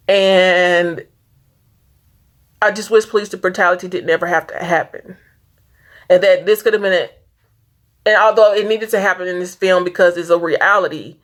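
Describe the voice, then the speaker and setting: A woman's voice: medium pitch, fairly bright tone. A woman vlogging a casual movie review, earnest and rambling, fighting back tears as she talks. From Saint Louis area. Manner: earnest, rambling, stops and restarts often. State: tearful, fighting back crying.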